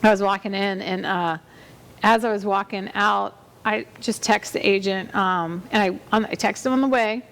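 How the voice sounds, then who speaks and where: A woman's voice: medium pitch, fairly even intonation, normal speed, vocal fry, a bit bright. A woman realtor hosting a real estate show, telling stories in a chatty, rambling way with many fillers and restarts. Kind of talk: casual conversational storytelling.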